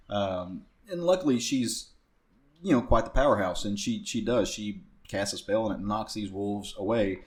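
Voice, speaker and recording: Rambling Southern podcaster man, low voice. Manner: rambling with frequent fillers and restarts. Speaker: podcast co-host. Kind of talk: casual comic book discussion.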